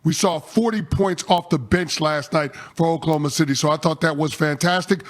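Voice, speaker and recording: A middle-aged man on a sports talk show, laying out his analysis point by point in a measured way. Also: on the high side. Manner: measured, walks through stats point by point.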